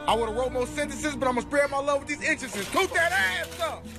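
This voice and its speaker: A man playing a lewd male prison cellmate who shouts crude rhyming come-ons in a gravelly voice. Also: very high voice, brisk, music in the background. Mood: crooning.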